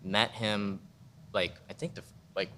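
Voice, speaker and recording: Fast-rambling man with a bright voice. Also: on the low side, steady tone, slight background noise. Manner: rambling, heavy with "like" fillers, frank and swearing. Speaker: guest photographer. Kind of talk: casual panel conversation. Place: museum event space.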